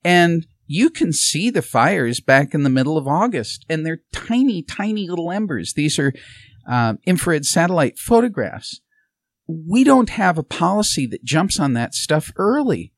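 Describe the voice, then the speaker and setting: A man's voice: on the high side, measured pace, no room sound, clean studio sound. A man talking as a podcast guest, telling stories and acting out the voices in them. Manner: lively storyteller who acts out quotes. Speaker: guest, former political candidate. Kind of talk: animated podcast conversation.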